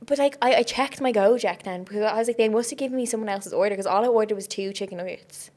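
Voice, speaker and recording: A young woman co-hosting a casual podcast, telling funny stories in a lively way and acting out what people said. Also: mid-range voice, quick pace. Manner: animated storyteller acting out quoted voices, fillers of "like". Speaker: podcast co-host. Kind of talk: casual chat.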